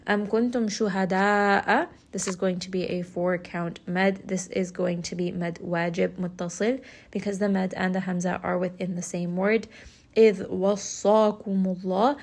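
A woman's voice: on the low side, flat delivery, normal speed, darkish tone. A woman teaching Quranic recitation rules step by step, patiently explaining and modeling each sound. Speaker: tajweed teacher.

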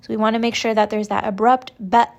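A young woman teaching Quran recitation rules, explaining each point slowly and patiently. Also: fairly high pitch, level tone. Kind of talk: step-by-step tajweed lesson.

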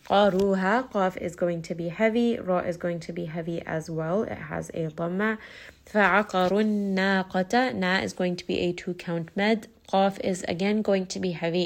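A woman's voice: fairly low pitch, a little mellow. Patient woman teaching Quran recitation. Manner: patient, methodical, slows down to model recited words. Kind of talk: tajweed lesson, explaining and modelling recitation.

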